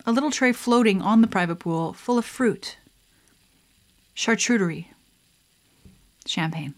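A chatty young woman talks casually to the camera as she mixes a drink. She is playful, laughs often and drifts into offhand asides. Her pitch sits in the middle range for a woman. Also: measured pace. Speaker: vlogger. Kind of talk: casual chat while mixing a drink.

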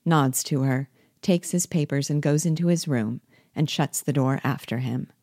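Low-voiced woman reading a play aloud. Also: normal speed, no echo, clean studio sound. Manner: clear, even stage-direction reading. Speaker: reader and guide.

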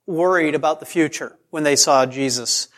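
Speaking at normal speed in a fairly high, fairly bright voice, a pastor preaches in a conversational style. He tells stories on himself with self-deprecating asides, repeats phrases for emphasis, and lingers on key words.

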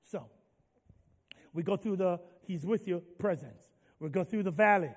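A man preaching a sermon as pastor, calling for responses from the congregation and moving between quiet stretches and loud, driving ones. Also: high-pitched, a little slow, big-room sound. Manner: call-and-response preaching, swinging from soft to loud.

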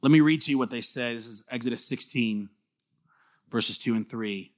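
A pastor preaching a sermon in a lively, conversational way, often asking the listeners questions. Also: male voice, medium pitch, moderate pace. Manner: casual fillers and restarts.

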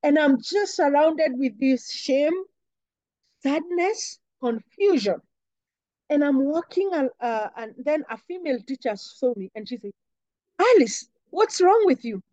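A young woman from Kenya speaks in a high, voice as she earnestly recounts a painful memory. The sound is dry, with no room echo. The recording is dull and slightly lo-fi. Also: lively intonation, unhurried, warm tone. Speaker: interview guest. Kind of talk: personal storytelling.

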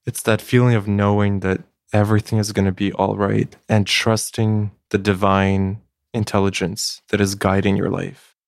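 A man hosting a podcast interview who asks questions in a calm, affirming way. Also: fairly low pitch, normal speed, vocal fry, no room sound, studio quality. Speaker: podcast host.

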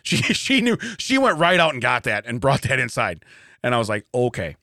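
Animated, laughing middle-aged male podcaster. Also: mid-range voice, normal speed, creaky, dry recording, clean studio sound. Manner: animated storyteller, laughs often. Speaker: podcast co-host. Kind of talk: casual chat. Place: podcast studio.

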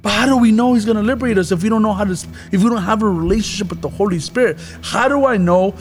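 A man's voice: high-pitched, very fast, a little hiss or hum. A man hosting a casual Christian podcast, talking earnestly about the Holy Spirit with rambling restarts.

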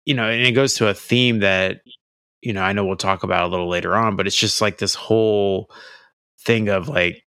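A man's voice: lowish voice, fairly even intonation, a little fast, pushed and bright, clean tone, no echo. A man chatting casually on a podcast, tossing in joking asides.

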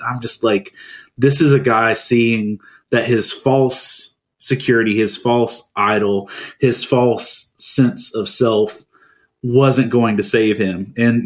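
A man co-hosting a casual podcast chat, animated and jokey, reading quoted lines aloud with feeling. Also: fairly low pitch. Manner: jokey, laughs while talking. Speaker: podcast co-host.

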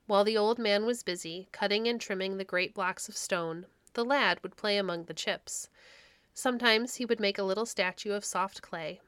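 A woman hosting a storytelling podcast, reading classic stories aloud in a gentle, measured way. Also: mid-range voice, smooth, no room sound. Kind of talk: storybook read-aloud narration.

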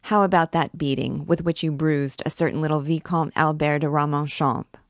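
A woman voicing a stern, icy middle-aged male archdeacon who speaks in a cold, severe, measured way. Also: deep voice, fairly even intonation, dry recording, studio quality.

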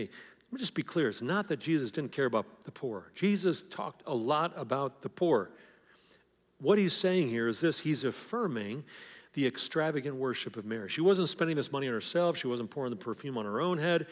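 A man's voice: medium pitch, expressive, moderate pace. A man preaching a sermon as pastor, talking in a conversational way and often repeating words as he starts a phrase. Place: church sanctuary. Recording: long hall reverb.

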